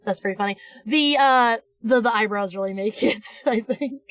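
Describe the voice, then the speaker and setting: A woman's voice: on the high side, moderate pace, few pauses, fairly bright tone, no room sound. A young woman streaming while she draws, chatting playfully and rambling with restarts and teasing asides. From United States. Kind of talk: casual live-stream chat while drawing.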